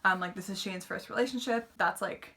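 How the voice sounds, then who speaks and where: Gravelly, bright-voiced woman reviewing a book. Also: mid-range voice, fairly quick. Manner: chatty, filler-heavy retelling with lots of "like".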